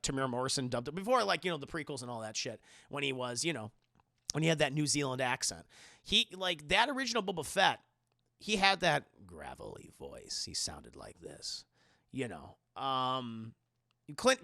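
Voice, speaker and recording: A man's voice: on the high side, gravelly, bright, forceful tone, no echo, studio quality. A man hosting a livestream, answering viewer questions in casual, rambling chat, swearing and laughing often. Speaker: livestream host.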